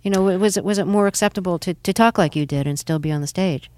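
A woman hosting an interview, asking measured, carefully framed questions. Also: lowish voice, a little mellow, dry recording. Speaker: interviewer, radio host.

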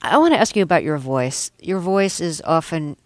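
Smooth-voiced interviewer, measured questions. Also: medium pitch, expressive, darkish tone, dry recording. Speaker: radio interviewer.

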